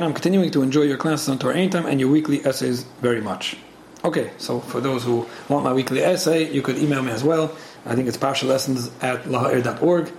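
A man teaching a casual Torah lesson as a rabbi, talking quickly with frequent restarts and many Hebrew and Yiddish terms. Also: medium pitch. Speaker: rabbi teaching a weekly class. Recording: echoey room with faint background noise.

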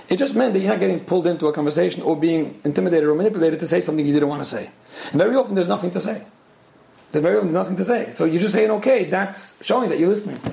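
Fast-talking gravelly man giving advice. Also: fairly high pitch, darkish tone. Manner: repeats phrases for emphasis, earnest and direct. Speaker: advice speaker answering listener letters. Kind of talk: relationship advice talk. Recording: roomy echo with faint ambience.

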